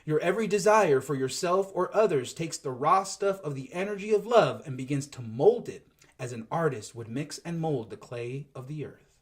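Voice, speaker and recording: A co-host of a spiritual gathering who jokes and giggles in chat, then reads a message aloud in a soft, measured way. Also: mid-range voice, expressive.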